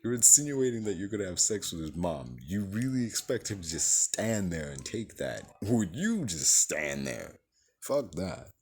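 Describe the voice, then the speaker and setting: A man's voice: sits low, big pitch swings, normal speed, darkish tone, a little hiss or hum. A man giving a casual, rambling film review, swearing freely and filling his sentences with "like" and "you know.". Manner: rambling, profane, heavy use of filler words. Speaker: movie reviewer.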